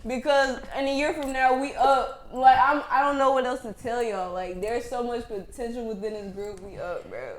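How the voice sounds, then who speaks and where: A man's voice: extremely high pitch, normal speed, few pauses, fairly bright tone, reverberant. A man co-hosting a podcast in casual chat, hyped and emphatic, full of slang. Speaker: podcast co-host.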